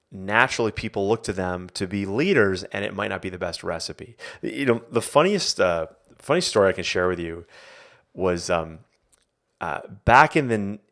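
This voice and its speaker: A middle-aged man, a coach and former Olympian, hosting a casual live Q&A and telling an animated story, often checking in with "right?". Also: sits low. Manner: animated storyteller, acts out quotes, frequent "right?".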